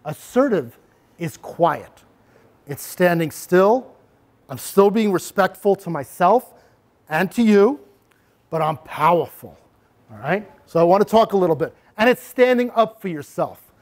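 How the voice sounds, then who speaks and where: A middle-aged man with a high voice presents a workshop to a room of parents. He demonstrates calm, assertive ways of speaking and talks the audience through them step by step. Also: moderate pace. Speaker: anti-bullying presenter.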